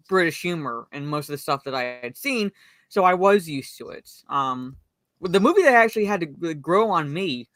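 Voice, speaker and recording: A woman's voice: low-pitched, fairly bright tone, no echo, studio quality. A woman hosting a casual live stream, chatting about a movie and greeting viewers from the chat. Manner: chatty, greets viewers and reads chat messages aloud, frequent fillers. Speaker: livestream host.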